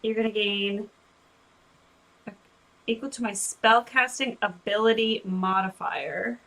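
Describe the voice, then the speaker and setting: A woman's voice: medium pitch, steady tone, slow, fairly bright tone, poor audio. A woman playing in a tabletop game, thinking aloud in casual chat.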